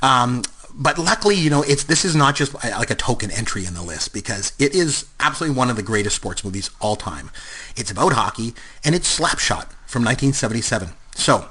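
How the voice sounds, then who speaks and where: Canadian man, 50s, podcast co-host, husky, rambling casual chat. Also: medium pitch, a little fast. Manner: rambling, animated, lots of fillers.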